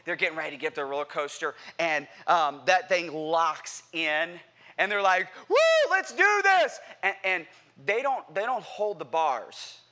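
A man preaching a sermon to a church congregation, animated and playful, asking the crowd questions and acting out what people say. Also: on the high side, moderate pace. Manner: animated, playful, acts out quotes; addresses congregation directly with questions. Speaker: pastor. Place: church sanctuary.

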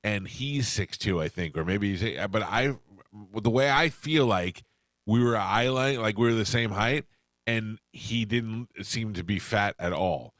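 Deep-voiced middle-aged male radio host. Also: a little slow, fairly bright tone, dry recording. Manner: rambling anecdotes, acts out quoted voices. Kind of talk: casual storytelling chat.

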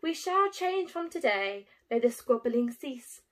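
A greedy, fussy male squirrel from a storybook, a hoarder who blurts his words loudly and insistently, as a woman reader puts him on. His voice sits high and bright, and the lines come out slow and drawn out. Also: big pitch swings. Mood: cheerful. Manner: loud, insistent exclamations.

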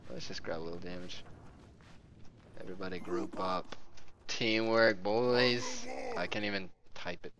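A young man giving live commentary on his own video game match, joking and swearing, and breaking into excited shouts. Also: low-pitched, unhurried, a little hiss or hum. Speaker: gamer streaming his match.

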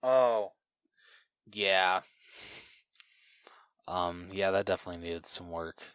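A man talks through a film on a casual podcast in a lowish voice, circling his point with ums and restarts. The sound is dry and close, with no room around him. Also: slow, a bit bright, clear, resonant tone, dry recording. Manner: rambling, many fillers and restarts. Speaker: podcast co-host. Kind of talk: casual film review chat.

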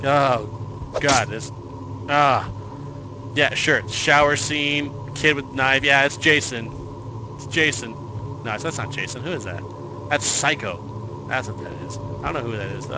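A man's voice: mid-range voice, expressive, measured pace, long pauses, noisy background. A man giving horror game commentary, narrating his own moves with joking asides to himself. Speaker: let's play host.

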